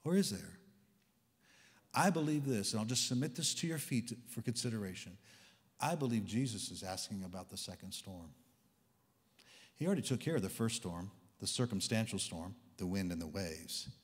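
A man's voice: lowish voice, expressive, normal speed. Dynamic male preacher in a reverberant hall. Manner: dynamic, swings between loud exclamations and hushed whispers. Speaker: guest preacher. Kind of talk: sermon. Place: church hall.

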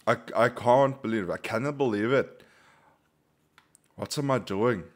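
A man's voice: mid-range voice, a little slow. A man hosting a gaming channel, giving casual let's play commentary, thinking aloud and bursting into frustrated outbursts.

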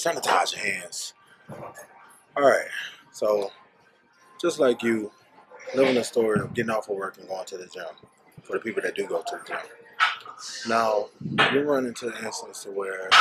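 A man's voice: fairly low pitch, fairly even intonation, normal speed, long pauses, very noisy. A man talking casually to camera in a fitness vlog, chatty and full of restarts. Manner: chatty, restarts and self-corrections. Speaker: fitness vlogger. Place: car and busy gym.

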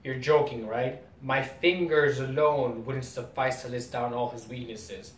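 Man reading a stern ninja mentor, curt and flat, faint rumble behind, distant mic. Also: a little slow, echoey room, lightly acted. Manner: reads comic dialogue flatly.

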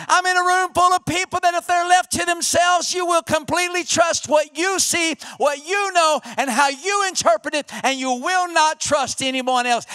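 A middle-aged male pastor preaching a sermon, who gets pumped up like a sideline coach and builds to emphatic, shouted questions. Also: very high-pitched, no echo, clean studio sound. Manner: energetic, rising to emphatic repeated questions.

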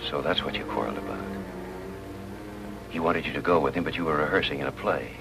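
An earnest hospital chaplain, very deep gravelly voice, 1950s TV drama with music underneath. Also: male voice, fast, rough recording. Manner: earnest, gentle questioning. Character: calm, persistent male hospital chaplain.

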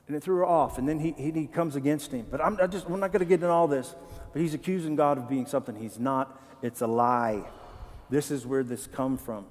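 A man pastor preaching a sermon in a church, animated and joking, asking the congregation questions. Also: mid-range voice, brisk, in a large hall. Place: church sanctuary.

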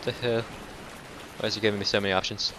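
A man doing casual let's-play commentary, cursing and taunting enemies, dropping to mutters and then breaking into loud outbursts. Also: on the low side, flat delivery, fast talker, a little hiss or hum. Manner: profane, talks back to enemies, swings between mutters and outbursts. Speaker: gameplay commentator.

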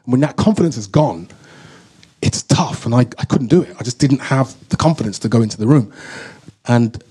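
A man telling a candid, emotional story as a guest at a live on-stage Q&A, full of halting restarts. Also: medium pitch, warm tone, breathy edge. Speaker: guest actor. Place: stage in front of an audience.

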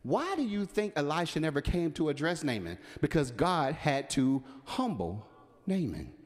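A man's voice: fairly high pitch, sing-song, normal speed. A man minister preaching a sermon, with call-and-response and building emphasis. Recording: reverberant church hall.

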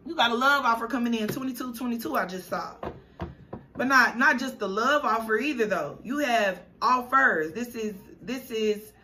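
A woman's voice: on the high side, moderate pace, bright, forceful tone, slight background noise. A woman giving a spiritual tarot reading to her viewers, emotional and affirming, repeating herself as she gets choked up. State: choked up, near tears. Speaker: tarot reader.

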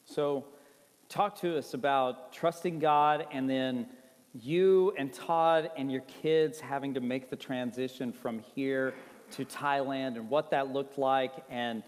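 A man interviewing a guest onstage at church, relaxed and joking. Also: mid-range voice, takes it slowly. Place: church worship center. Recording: echoey church hall.

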